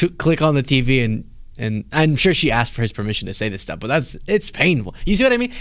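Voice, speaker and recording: A man's voice: on the high side, animated, brisk, no room sound, clean studio sound. A man hosting a political commentary show, reacting to interview clips with sarcastic, mocking asides. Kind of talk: casual commentary over clips.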